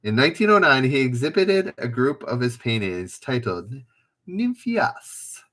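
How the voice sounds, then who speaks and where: A mid-range male voice with big pitch swings, a pushed, bright sound, and normal speed. In casual livestream quiz hosting, he reads questions aloud, calls out players, and stays chatty and self-mocking.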